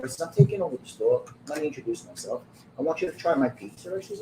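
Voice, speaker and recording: A middle-aged man tells a story with blunt, animated energy. He acts out every line of the quoted dialogue. He sits in a roomy, echoing back room with clear construction banging and ambient noise behind him. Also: fairly high pitch, fast talker. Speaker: pizzeria owner. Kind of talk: storytelling in an interview.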